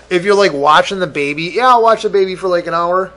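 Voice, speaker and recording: A man's voice: high-pitched, racing, a bit bright. A man hosting a podcast, ranting profanely and exasperated, acting out both sides of imagined conversations. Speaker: podcast host. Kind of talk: solo rant podcast.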